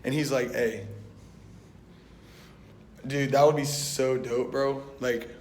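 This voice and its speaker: A man's voice: slow pace, a little hiss or hum. A young man and Christian rapper giving a casual, slang-filled faith talk, retelling a Bible story and acting out its voices. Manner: animated and slangy, acting out voices with "boom" and "bet". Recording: roomy echo.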